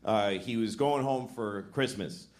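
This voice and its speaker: A man's voice: fairly low pitch, unhurried. A middle-aged man doing a stand-up routine, telling a profane story in an exasperated way with sudden rants. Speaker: stand-up comedian. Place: live comedy venue with audience. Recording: live stage recording in a big hall with crowd and noise. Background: audience laughter.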